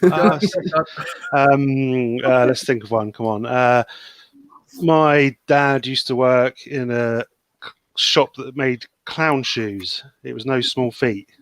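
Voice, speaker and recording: Slow, hesitant man on a dry mic. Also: medium pitch, no room sound. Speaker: stream guest. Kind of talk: casual group chat.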